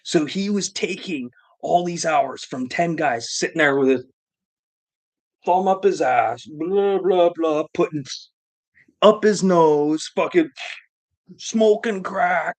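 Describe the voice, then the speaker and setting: A man's voice: fairly high pitch, slow pace. A man hosting a live stream who tells a long comedic story in a rambling, profane, emphatic way.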